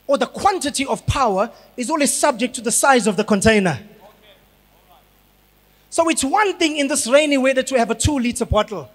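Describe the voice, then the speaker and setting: A man from South Africa, a pastor preaching a sermon, building up to shouted emphasis. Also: extremely high pitch. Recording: long hall reverb.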